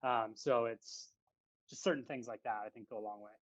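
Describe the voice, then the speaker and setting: A man's voice: medium pitch, steady tone, moderate pace, fairly bright tone, no room sound, rough recording. A man from western Canada, a guest on a casual podcast interview, rambling and chatty with lots of fillers.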